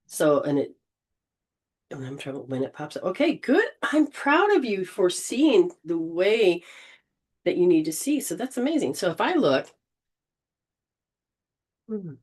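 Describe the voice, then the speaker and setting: Woman with a low, rambling healer's voice. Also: sing-song, measured pace, long pauses, a little mellow. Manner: rambling, with frequent restarts and throat clearing. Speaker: spiritual healer leading a session. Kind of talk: informal guided healing session.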